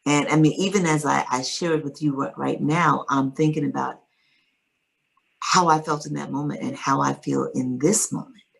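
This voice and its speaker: A woman's voice: sits low, steady tone, normal speed, vocal fry, low-quality recording. A middle-aged woman, an interview guest and author, earnestly recounting a personal faith story with quoted dialogue.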